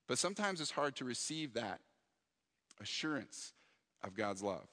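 A man delivers a sermon as a pastor, earnest and reflective. His voice sits at an ordinary middle pitch. A long hall reverb trails behind every phrase. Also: fairly bright tone. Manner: earnest and reflective, acting out prayers and dialogue.

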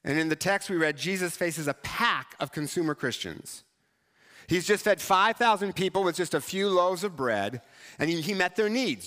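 A man preaching a sermon as pastor, talking in a conversational, animated and self-mocking way. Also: fairly high pitch. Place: church sanctuary. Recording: church hall reverb.

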